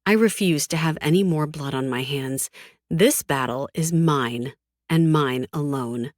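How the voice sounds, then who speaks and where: A woman narrating a first-person audiobook in a cold, flat, defiant tone, with frequent swearing. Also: low-pitched, measured pace, no echo, clean studio sound.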